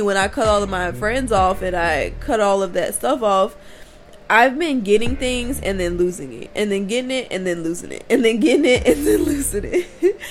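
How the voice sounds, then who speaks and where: Woman vlogger, raw confessional delivery, voice worn from crying, mid-pitched, soft music under. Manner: raw, confiding, laughs through frustration. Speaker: spiritual vlogger. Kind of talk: candid casual monologue to viewers.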